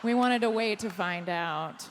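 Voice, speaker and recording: A woman's voice: unhurried, a little hiss or hum. Woman doing stand-up in a hall. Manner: deadpan punchlines, jumps high for quoted voices. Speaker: stand-up comedian. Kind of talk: stand-up comedy set. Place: theater stage before a live audience. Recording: live stage mic with hall reverb.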